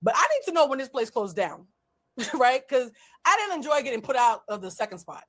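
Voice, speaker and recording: Animated, profane woman telling a story. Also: fairly quick. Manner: animated, blunt and profane, acts out dialogue with big pitch jumps. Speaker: host of a livestream, emotional intelligence coach. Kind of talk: casual storytelling to a live audience.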